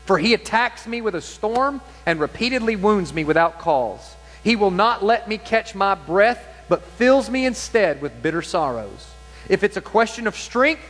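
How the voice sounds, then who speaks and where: A man preaching a sermon, reading scripture aloud with passionate, dramatic emphasis and slow, stretched-out phrases. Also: high-pitched, fairly bright tone. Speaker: pastor. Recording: long hall reverb with faint music and hum.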